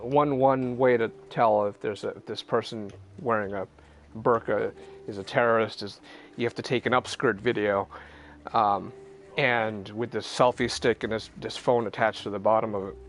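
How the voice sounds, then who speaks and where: A man hosting a party game stream, chatting in a rambling, halting way with many restarts. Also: lowish voice, fairly even intonation, a little hiss or hum. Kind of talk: casual chat over a game stream.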